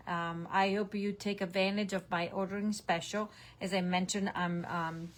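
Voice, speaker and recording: A woman's voice: fairly low pitch, fairly bright tone. A woman demonstrator casually recapping her card projects to camera from her home craft room, with lots of ums and self-corrections. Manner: chatty, showing cards, frequent ums and self-corrections. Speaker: online stamping demonstrator.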